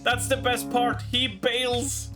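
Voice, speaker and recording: A man's voice: very high voice, monotone, slow pace, over music. A man streaming live and reacting casually to a video, often laughing.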